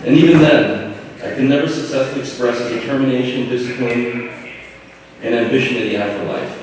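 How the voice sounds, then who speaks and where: A man's voice: medium pitch, fairly even intonation, a little mellow, a little hiss or hum. Man speaking far off in an echoey hall. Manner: informal, halting, with light humor. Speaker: son giving a eulogy. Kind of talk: memorial speech from notes. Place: large hall at a memorial gathering. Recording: echoey hall, distant mic.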